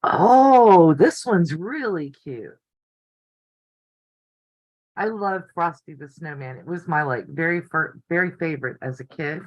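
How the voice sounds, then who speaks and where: A woman's voice: on the low side, lively intonation, unhurried, dry recording, rough recording. An older woman hosting a casual live stream from her home craft room, chatty and easily delighted. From United States. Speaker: quilting channel host.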